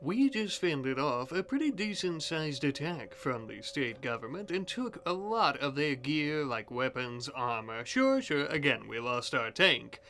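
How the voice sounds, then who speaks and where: A man hosting a let's play, narrating his colony in a theatrical role-played manner with slow, taunting speeches. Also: fairly high pitch, very animated, sharp tone, slight background noise. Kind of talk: role-played gameplay commentary.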